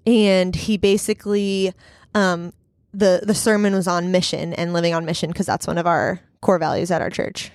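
A woman's voice: fairly low pitch, flat delivery, normal speed, a little mellow, no room sound, clean studio sound. A young woman hosting a casual faith chat, telling earnest, rambling stories. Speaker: podcast host.

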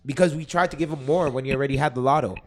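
A man in a casual basketball podcast chat, animated and repeating himself as he acts out players. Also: mid-range voice, rapid-fire, faint music behind. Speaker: podcast panelist.

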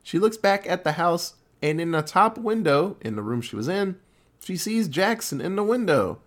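A man retelling a movie in a loose, profane chat. His voice sits a touch high and swings widely in pitch as he jumps into voices for each character. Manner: animated, profane, acts out characters' lines in quick voices. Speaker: podcast co-host recapping a film. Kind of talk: casual chat.

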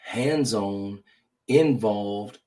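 A man's voice: fairly low pitch, extremely slow, warm tone, rough recording. A man who is a pastor, talking earnestly as a guest in an interview, with a preacher's rhythm and frequent repeated words. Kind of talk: conversational ministry interview.

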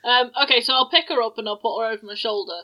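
A woman's voice: a little high, fast, bright, forceful tone, poor audio. A woman playing a tabletop game, giggly and hesitant, chatting casually. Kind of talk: casual play talk.

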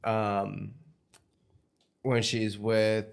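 A man's voice: fairly low pitch, flat delivery, drawn-out words, vocal fry, clear, resonant tone. A young man in casual, crude banter, laid-back and mumbly, laughing often.

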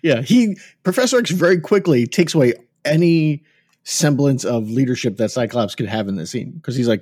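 A man's voice: mid-range voice, animated, normal speed, a little mellow. A man co-hosting a podcast, chatting casually and making wry jokes about a cartoon. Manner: wry, jokey asides. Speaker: podcast co-host. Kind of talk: casual chat recapping a cartoon.

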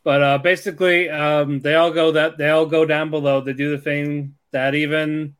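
A somewhat higher-voiced man on a casual anime podcast, chiming in with short agreements and steering the talk to the next title. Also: flat delivery, moderate pace, a bit bright, clean tone. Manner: brief agreeing replies and interjections. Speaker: podcast co-host. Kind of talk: casual anime review chat.

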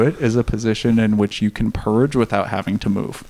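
A man with a somewhat low voice and a gravelly, fry-edged texture tells a personal story in a relaxed, candid way. He laughs now and then and swears freely as he talks. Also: normal speed. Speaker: podcast guest. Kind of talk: casual storytelling.

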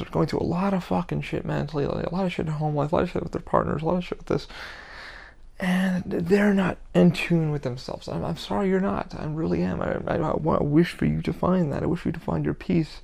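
A man's voice: fairly high pitch, darkish tone. A man hosting his own podcast, talking in a rambling, emphatic way and swearing constantly. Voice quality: gravelly. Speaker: podcast host. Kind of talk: casual monologue.

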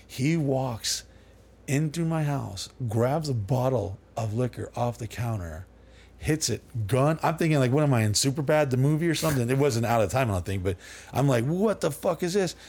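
A middle-aged man with a gravelly, husky voice tells his stories as a podcast guest. He swears freely and slips into the voices of the people he quotes. His delivery stays loose and animated throughout. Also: mid-range voice, normal speed. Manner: profane, animated, acts out quoted dialogue. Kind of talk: casual storytelling interview.

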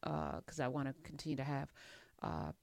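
A woman's voice: low-pitched, big pitch swings, moderate pace, creaky, a little mellow, no room sound. A woman hosting a casual conversation, who speaks bluntly and frankly. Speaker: host.

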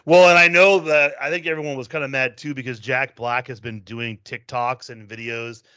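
A man co-hosting a casual podcast chat, briskly moving the show along. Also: mid-range voice, steady tone, sharp tone, clear, resonant tone, no echo. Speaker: podcast co-host. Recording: dry, dull lo-fi sound.

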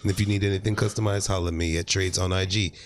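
A man's voice: low voice, fairly even intonation, very fast. A man talking casually on a podcast, laid-back and slangy, dropping plugs and quips.

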